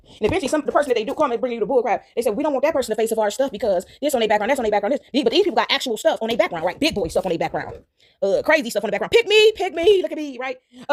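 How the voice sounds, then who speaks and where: Fast-talking woman rambling while baking. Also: on the high side. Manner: rambling, repeats "right?" often. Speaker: vlogger. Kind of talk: casual talk while baking.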